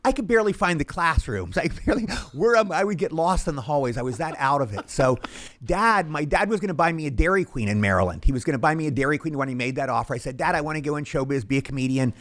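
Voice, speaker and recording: A man's voice: on the high side, lively intonation, a bit bright. A man in his sixties, an actor telling anecdotes as an interview guest, rattling along and acting out quotes. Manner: rapid, rattling delivery with acted-out quotes. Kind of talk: anecdotal storytelling.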